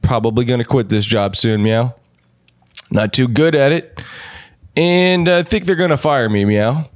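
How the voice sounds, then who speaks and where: A man voicing a deadpan cat police officer in improvised game role-play, crude and tacking a meow onto nearly every line. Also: medium pitch, measured pace, voice pushed down, close to an everyday voice. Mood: bored.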